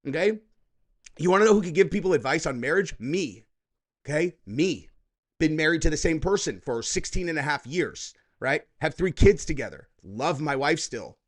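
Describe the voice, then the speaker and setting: A man in his thirties hosting political reaction commentary, sarcastic and mocking with loud outbursts. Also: fairly high pitch, expressive, normal speed.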